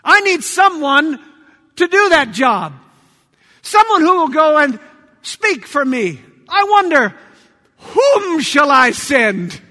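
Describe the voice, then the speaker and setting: A man voicing a commanding almighty God on his throne, slow, emphatic and loud. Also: extremely high pitch, big pitch swings, big-room sound, exaggerated voice.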